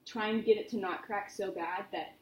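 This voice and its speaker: A woman's voice: mid-range voice, fairly even intonation, moderate pace, a little mellow. A woman voice teacher giving a private singing lesson, chatty and encouraging as she explains with vivid images. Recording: roomy studio with faint noise.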